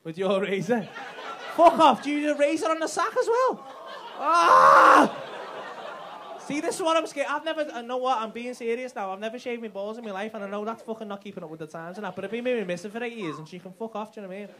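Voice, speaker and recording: Quick and expressive, this man's very high voice carries brash, profane crowd work in a comedy club. Loud audience laughter fills the live recording as he banters with the crowd.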